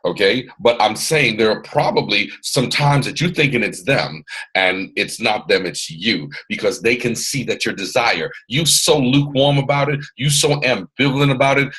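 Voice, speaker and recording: Emphatic Southern American baritone man. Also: normal speed, sharp tone, slightly rough, rough recording. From Atlanta, Georgia, US. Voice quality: resonant baritone. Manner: preachy, emphatic, repeats phrases, puts on voices of others. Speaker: mentor hosting a live training call. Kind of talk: motivational training talk. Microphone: video call.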